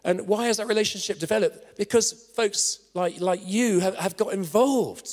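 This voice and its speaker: A man's voice: sits high, moderate pace. A man preaching a sermon with passion, urging listeners to get involved. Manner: impassioned, drops to a hushed whisper for the story's climax. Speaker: guest preacher. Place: church hall. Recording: reverberant church hall.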